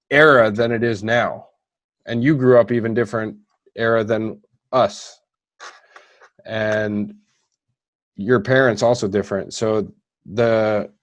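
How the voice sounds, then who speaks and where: A man hosting a casual podcast interview, talking in a loose, rambling way. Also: on the low side. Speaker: host.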